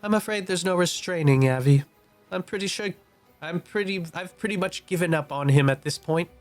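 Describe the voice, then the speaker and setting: A man's voice: high-pitched, normal speed, soft background music, close to an everyday voice. A man voicing a weary young woman who has given up on her companion. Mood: resigned.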